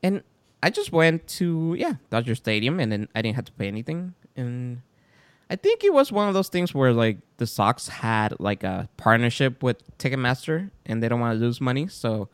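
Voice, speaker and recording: A male podcast host tells a story in casual chat. His voice sits at a middle pitch but leaps up and down as he acts out quotes. The sound is close and dry, with no room in it. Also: sing-song, moderate pace, clean tone, no room sound.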